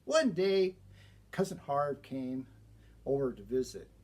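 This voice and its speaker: Slow husky male storyteller. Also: mid-range voice, sing-song, darkish tone. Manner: unhurried folksy storytelling, clears throat often. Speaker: author telling a childhood story. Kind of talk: personal storytelling.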